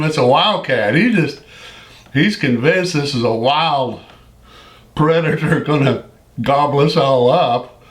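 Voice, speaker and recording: A man in his seventies, a veteran telling an old story in a folksy, unhurried way and chuckling often between phrases. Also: fairly high pitch, animated. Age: 70s. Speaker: Vietnam veteran recounting his service. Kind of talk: casual spoken storytelling.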